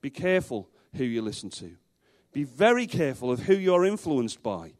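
A man's voice: medium pitch, big pitch swings, moderate pace, darkish tone. A male pastor preaching a sermon to a congregation in a church, emphatic, repeating rhetorical questions and dropping in dry humorous asides.

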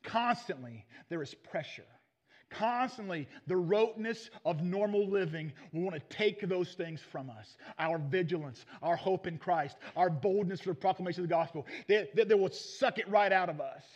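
High-voiced preacher, dull recording. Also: male voice, moderate pace. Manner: storytelling, acts out Bible characters in folksy voices. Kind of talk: sermon.

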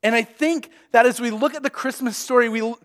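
High-voiced young pastor in a reverberant hall. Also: male voice, brisk. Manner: conversational, animated storytelling. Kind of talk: sermon.

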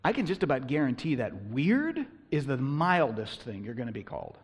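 A man preaching a sermon as pastor, talking conversationally and punching words with bursts of loud emphasis. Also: mid-range voice, big pitch swings, moderate pace, husky, in a large hall.

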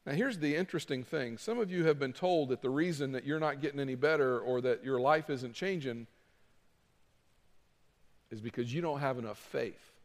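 A man preaching a sermon as pastor, dramatic, moving between loud pleading and quiet asides. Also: medium pitch, normal speed, long reverb tail.

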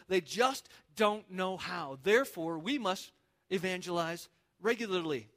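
A man preaching a sermon as pastor, animated and conversational, acting out little asides. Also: high-pitched, unhurried.

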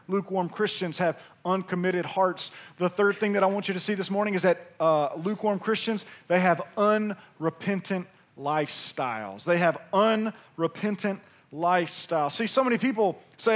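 A man's voice: sits high, moderate pace, few pauses. A man with a Mississippi Southern accent preaching a sermon in a folksy, humorous storytelling way. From Pearl, Mississippi. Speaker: pastor.

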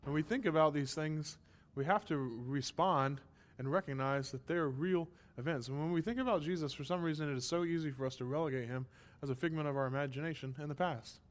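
A man delivers a sermon from the pulpit, his voice sitting somewhat high for a man. He preaches with passion and emphasis, firing off rhetorical questions. His throat sounds a little strained. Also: brisk, few pauses. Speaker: pastor.

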